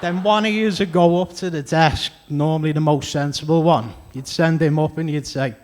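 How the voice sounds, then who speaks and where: Chatty Scouse comedian, fairly high voice. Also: male voice, normal speed, slight background noise. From Liverpool area, England. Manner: chatty, self-deprecating, crude punchlines. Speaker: stand-up comedian. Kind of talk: stand-up comedy set. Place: comedy club stage.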